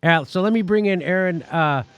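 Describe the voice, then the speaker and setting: A man hosting a political commentary show, talking in an animated, mocking and profane way. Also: high-pitched, normal speed, clear, resonant tone. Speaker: show host.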